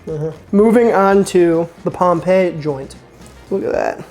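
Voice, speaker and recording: A man's voice: sits high, slow, darkish tone, faint music behind. Enthusiastic slangy man cooking. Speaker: cooking show host. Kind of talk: casual cooking vlog. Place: kitchen.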